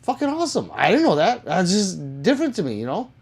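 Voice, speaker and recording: A man hosting a casual live stream, reading out his viewers' comments and riffing on them with loose jokes and the odd curse. His voice sits a little high for a man. It swings widely up and down as he reacts. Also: very animated, quick pace, gravelly, husky. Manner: reads viewer comments aloud, joking and swearing.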